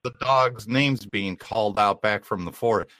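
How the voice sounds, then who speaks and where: A man with a fairly low voice hosts in casual chat, explaining at an easy pace. His sound is dry and close. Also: moderate pace, pushed and bright, dry recording. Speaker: podcast host.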